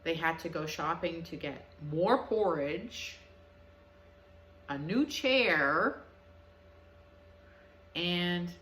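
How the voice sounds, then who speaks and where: Animated slow-paced woman storyteller. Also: low voice, slight background noise. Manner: animated and expressive. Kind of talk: children's story telling. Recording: echoey room.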